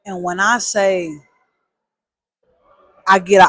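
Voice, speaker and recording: A woman telling a personal story in a casual, animated way, with emphatic repeats and slang. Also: on the low side, slow pace, no room sound.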